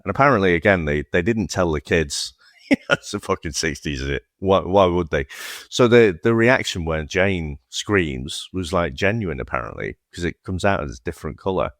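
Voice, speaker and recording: A man's voice: deep voice, lively intonation, moderate pace, no room sound, studio quality. A man, casually reviewing a film as podcast co-host, swearing and laughing as he talks. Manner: swears freely, laughs often, restarts words.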